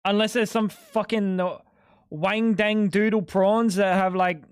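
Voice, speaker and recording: A man's voice: sits high, flat delivery, takes it slowly, smooth, dry recording, studio quality. A man chatting casually on a live stream, rambling and sweary, with lots of "like". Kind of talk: casual chat while gaming.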